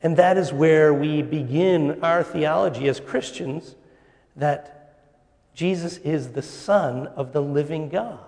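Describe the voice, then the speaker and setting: Man, preacher, sermon, deliberate pauses, slightly high voice, long hall reverb. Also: gravelly, darkish tone.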